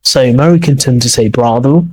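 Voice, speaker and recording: A man hosting an English podcast lesson, explaining slowly and repeating words to model their pronunciation. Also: mid-range voice, a little hiss or hum, poor audio. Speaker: English teacher, podcast host. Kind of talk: accent lesson commentary.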